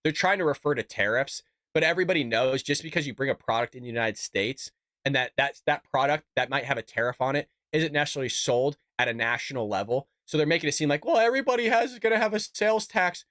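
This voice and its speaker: A man's voice: medium pitch, quick pace, bright, forceful tone, no room sound, studio quality. A male show host giving a sarcastic, indignant political rant, sick and coughing. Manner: sarcastic, indignant, rhetorical questions.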